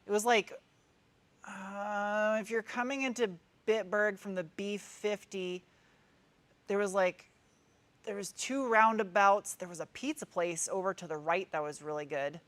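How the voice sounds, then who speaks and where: This car channel host, a woman in her thirties with a New England accent, talks a little slowly in a medium-pitched, fairly bright voice with fairly even intonation. Answering viewers' comments during a live stream, she chats casually and wanders, with many restarts.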